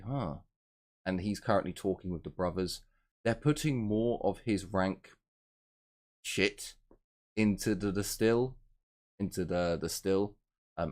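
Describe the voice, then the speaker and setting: A man running a tabletop game as game master, narrating in a relaxed, rambling way and swearing casually. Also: sits low.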